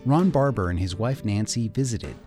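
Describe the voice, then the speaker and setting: A man's voice: fairly low pitch, animated, normal speed. A man hosting a radio program, reading a scripted introduction in an announcer-like way. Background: guitar music.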